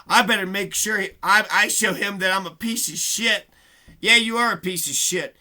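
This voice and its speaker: Man, high voice, piercing tone, casual profane rant, rambling. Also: moderate pace, sharp tone. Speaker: vlogger. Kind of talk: casual ranting monologue.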